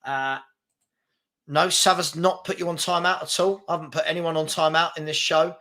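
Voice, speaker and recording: A man with a slightly high, pushed and bright voice hosts a live fan chat show at a moderate pace with a steady tone. Chatty and brash, he reads comments and takes on trolls in casual live-stream chat.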